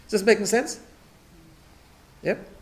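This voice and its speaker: Rabbi giving a Torah class, fairly high voice, explains patiently, repeats words on restarts. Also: male voice, lively intonation, unhurried. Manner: explanatory, checks in with listeners. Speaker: rabbi teaching a weekly class.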